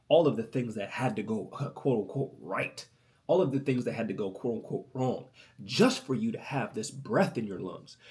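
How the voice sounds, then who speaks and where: A man hosting a motivational podcast, talking in an inspirational, sermon-like way that swings from loud, rising preaching to soft, hushed storytelling. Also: lowish voice.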